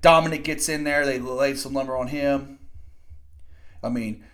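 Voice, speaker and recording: Excitable rambling young man. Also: mid-range voice, moderate pace. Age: 20s. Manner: rambling, excitable, profane storytelling. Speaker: podcast host. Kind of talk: casual wrestling recap podcast.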